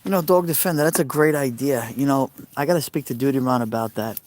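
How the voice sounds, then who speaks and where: A man's voice: mid-range voice, fast talker, a little mellow, dry recording. A man with a Brooklyn Italian American accent, chatting casually on a live stream and answering viewers' messages aloud. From New York. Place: outdoors by a fire pit at night.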